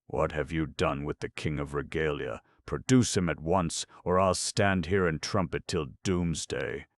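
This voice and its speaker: Pompous elephant, booming, fussy, man putting it on, storybook. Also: steady tone, measured pace, no echo. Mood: indignant. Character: proud, fussy male elephant, big and blustering.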